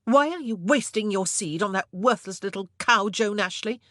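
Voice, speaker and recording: A woman's voice: on the high side, animated, normal speed, warm tone, dry recording, pitched above the performer's own voice. A woman doing a passionate young Tudor queen with a raised, tearful, pleading voice. The reading is dry and close, with no room sound. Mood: furious.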